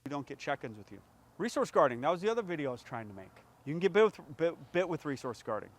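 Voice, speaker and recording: A man tells animated stories in a fairly high voice, acting out each scene as he goes. He throws in sound effects and quick little voices for the characters in his stories. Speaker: dog trainer in a played clip. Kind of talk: animated casual storytelling.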